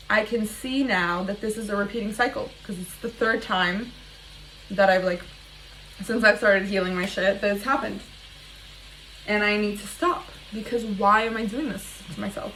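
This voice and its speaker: A woman's voice: mid-range voice, a little slow, long pauses, a bit bright. A young woman vlogging in a casual, confessional way, chatty and self-mocking, swearing freely. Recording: echoey room with faint ambient noise.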